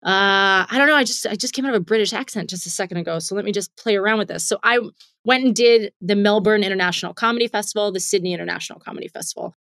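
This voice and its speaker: A woman comedian from Pittsburgh, in her thirties, telling her story in an interview with lively listing runs. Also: medium pitch, no room sound, studio quality. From Pittsburgh, Pennsylvania. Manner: animated, lists things in quick repeating runs. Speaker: comedian guest.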